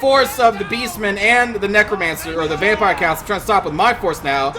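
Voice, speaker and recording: A man's voice: high voice, a little fast, pushed and bright. A man giving gameplay commentary as a channel host, ranting in exasperation and swearing often.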